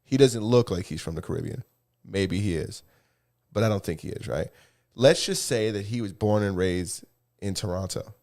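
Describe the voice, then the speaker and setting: Brief: young male podcast co-host from New York, casual banter, animated and restless delivery. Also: on the low side, moderate pace. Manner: animated, rambling opinions with many restarts. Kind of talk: casual chat.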